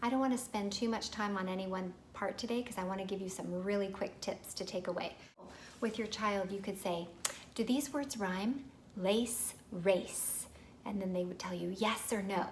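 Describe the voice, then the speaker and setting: A woman's voice: medium pitch, fairly even intonation, fairly quick, a little hiss or hum. Patient woman teaching reading to parents. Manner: clear, patient, modeling sounds for children. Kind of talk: instructional video for parents.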